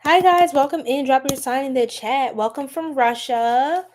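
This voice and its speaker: Casting: a higher-voiced American woman, a chatty livestream tarot reader who laughs a lot. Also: normal speed. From United States. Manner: chatty and animated, laughs often, addresses viewers. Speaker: tarot reader hosting a live stream. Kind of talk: casual live-stream tarot reading.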